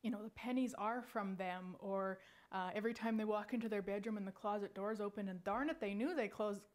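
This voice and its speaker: A woman in her forties, a psychic medium, telling a personal story in a chatty, animated way with many restarts. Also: medium pitch, brisk.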